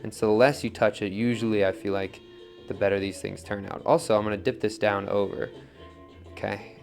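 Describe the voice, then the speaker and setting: Relaxed man coaching at the pottery wheel. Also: on the low side, a little fast, gravelly, faint music behind. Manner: relaxed, coaching, keeps asking right?. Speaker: pottery teacher. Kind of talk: casual wheel-throwing demo.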